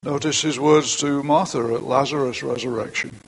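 A man's voice: mid-range voice, fairly even intonation, moderate pace, gravelly, slightly rough, low-quality recording. An older man preaching a sermon in a church, talking plainly to the congregation with frequent asides.

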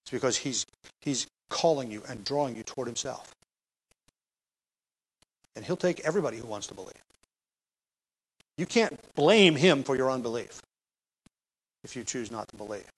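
Speaking at a moderate pace with long pauses, a middle-aged man delivers a conversational expository sermon on a Bible passage. His husky, medium-pitched voice has lively intonation, and he stresses key phrases, often using fillers and restarting, all captured on a rough recording.

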